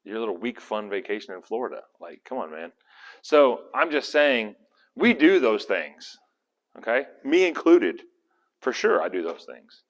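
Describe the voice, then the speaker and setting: Man, Bible study teacher, casual, rambling, self-correcting, mid-pitched, long hall reverb. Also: very animated, measured pace.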